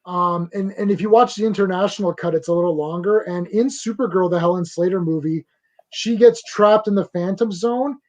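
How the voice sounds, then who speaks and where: A man's voice: high voice, brisk, darkish tone. A man co-hosting a podcast, talking enthusiastically with frequent restarts. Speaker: podcast co-host. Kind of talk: casual chat.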